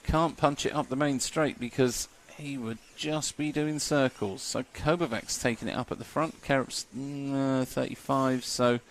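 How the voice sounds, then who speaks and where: A man's voice: medium pitch, fairly even intonation, normal speed, hardly any pauses, slight background noise. A man giving live commentary at a model car race, chatty and joking, laughing often.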